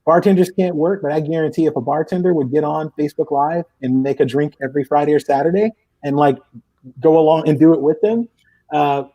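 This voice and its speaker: A man's voice: a little high, a little fast, highs cut off. A man guesting on a live podcast, talking in a loose, rambling way with lots of restarts over a remote call. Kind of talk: casual chat. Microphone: headphones or headset, remote call.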